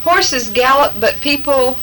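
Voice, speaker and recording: Woman tester reading fill-in prompts, halting delivery, slightly high pitch, faint room noise. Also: a bit bright, poor audio. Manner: halting, many fillers, says okay after each answer. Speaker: language tester.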